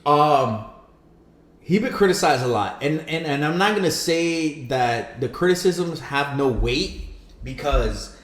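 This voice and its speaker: A man's voice: on the high side, animated, a little slow, roomy sound. A man co-hosting a podcast in casual, profane, heated rants. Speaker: podcast co-host.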